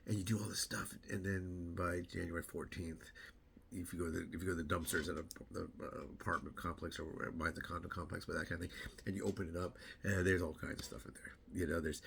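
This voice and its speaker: A man's voice: sits low, level tone, fast talker, creaky, a bit bright, a little hiss or hum. A middle-aged man rambling casually to camera about his weight loss, repeating words and acting out what other people say.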